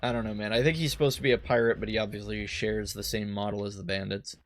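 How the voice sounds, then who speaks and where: A man's voice: lowish voice, fairly even intonation, fast talker. A man casually commenting while playing a video game, rambling with joking asides. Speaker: let's play host. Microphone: headphones and desk mic.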